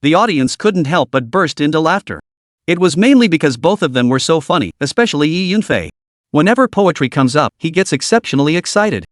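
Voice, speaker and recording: Lively male comic-recap narrator. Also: fairly high pitch, a little fast, no echo, clean studio sound.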